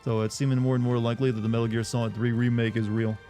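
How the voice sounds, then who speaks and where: A man's voice: mid-range voice, little pitch movement, rapid-fire, warm tone, soft background music. A man chatting casually while streaming a game, rambling and answering his chat. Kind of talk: casual let's-play chat.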